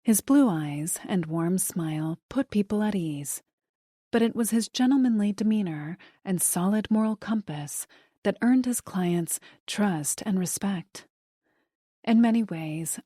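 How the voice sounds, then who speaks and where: A woman narrating a first-person thriller audiobook in a steady, measured way. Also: medium pitch, no room sound, studio quality.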